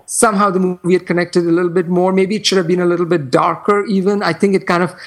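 A man co-hosting a film podcast, speaking in a measured, hedging way with many fillers. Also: high voice, little pitch movement. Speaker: podcast co-host, film reviewer. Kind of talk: casual chat.

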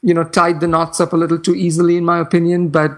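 A man weighs up a film on a casual podcast. He speaks in a measured way, hedges often and fills pauses with "you know" and "kind of". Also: fairly high pitch, monotone. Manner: measured, hedging, many fillers. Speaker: podcast co-host, film reviewer. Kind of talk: casual chat.

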